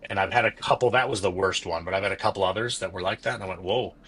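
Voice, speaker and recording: A man's voice: low voice, rapid-fire, sharp tone, husky. A man, a business owner guesting on a podcast, telling candid stories about his work. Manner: candid, storytelling, self-critical. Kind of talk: casual conversational interview.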